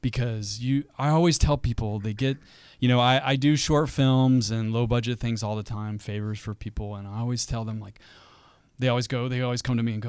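A man talking casually as a filmmaker on a live panel, animated and quoting people as he tells stories. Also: mid-range voice, fairly quick, clean tone, dry recording. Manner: animated storyteller, quoting people in little voices. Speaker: podcast guest, filmmaker. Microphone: studio mic.

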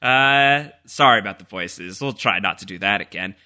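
A man's voice: deep voice, brisk, bright, forceful tone. A man hosting a podcast in casual chat, rambling with many fillers and restarts. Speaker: podcast host.

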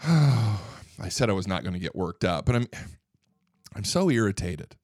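A man's voice: fairly low pitch, sing-song, a little slow, a little mellow, no echo, studio quality. A man hosting a political commentary show, ranting indignantly, swearing freely and stumbling over repeated words when worked up. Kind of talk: opinionated political monologue.

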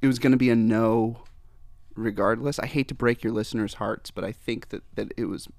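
A man's voice: medium pitch, fairly even intonation, fairly quick, darkish tone, dry recording, studio quality. A young man, a singer-songwriter guest, telling stories in a rambling casual chat with lots of restarts. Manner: rambling, full of restarts and laughs.

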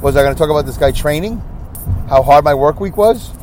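A man's voice: a little high, animated, fairly quick, darkish tone, faint music behind. A sleep-deprived man in his fifties hosting a solo podcast, rambling and losing his train of thought. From upstate New York. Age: 50s. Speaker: podcast host.

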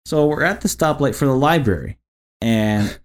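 A man on a casual podcast, spinning a story with plenty of swearing. His pitch swings up and down as he builds the tale, mid-height overall and loose in delivery. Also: normal speed. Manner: crude, animated storytelling with lots of swearing. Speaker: podcast co-host.

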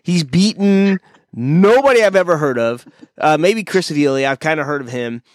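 A man hosting a casual fight-pick chat, his somewhat high voice blunt and opinionated. He talks through fighters' records in a loose, offhand way. The sound is dry and close over a video call. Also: animated, moderate pace, dry recording. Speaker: podcast host.

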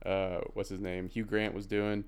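A man chats as a podcast co-host in a smooth, lowish voice. He wanders through his thoughts in an easygoing way, with fillers. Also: flat delivery, moderate pace. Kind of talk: casual chat.

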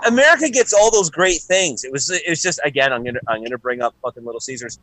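A Canadian man co-hosting a podcast, telling animated stories in casual chat and swearing often. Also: medium pitch, fast talker, a little hiss or hum, rough recording. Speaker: podcast co-host.

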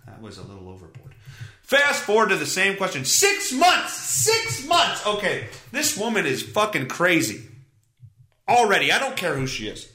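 A man hosting a podcast, ranting profanely and bursting into yells while reading an article aloud. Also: fairly high pitch, huge pitch swings, moderate pace. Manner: profane, loud, bursts into yelling. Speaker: podcast host. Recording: echoey room.

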